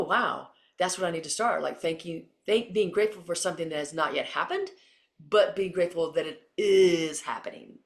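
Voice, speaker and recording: With a deep, gravelly voice, a middle-aged woman from Texas, a former Olympian and coach, fields interview questions, telling animated stories and dramatizing the quotes.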